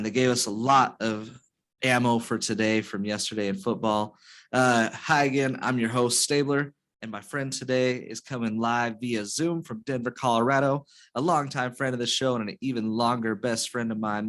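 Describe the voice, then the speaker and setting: A man hosting a casual podcast, chatting in a relaxed, self-deprecating way with a friend. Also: mid-range voice, moderate pace. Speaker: podcast host.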